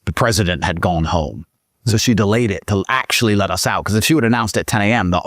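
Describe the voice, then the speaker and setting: Emphatic, profane British-born man, dry sound. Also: dry recording. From Britain. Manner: profane, emphatic, voice climbs high when excited. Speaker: podcast guest. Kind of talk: casual interview storytelling.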